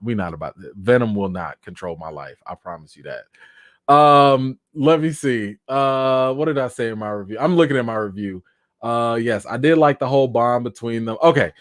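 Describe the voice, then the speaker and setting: A man hosting a casual live chat, answering viewer comments in an animated, talkative way, and by now tired, with his voice wearing out. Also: medium pitch, no room sound, studio quality. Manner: animated, chatty, thanks viewers by name. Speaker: live-stream host.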